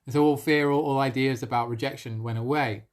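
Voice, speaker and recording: A man's voice: mid-range voice, steady tone, a little fast. Earnest man sharing a spiritual story. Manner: earnest and emotional, laughs softly between phrases. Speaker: spiritual coach. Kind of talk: live-streamed personal storytelling.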